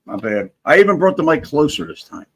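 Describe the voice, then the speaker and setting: A man on a casual podcast chat who talks in an animated way, swinging his pitch widely. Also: brisk, creaky, crowd noise. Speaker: podcast guest.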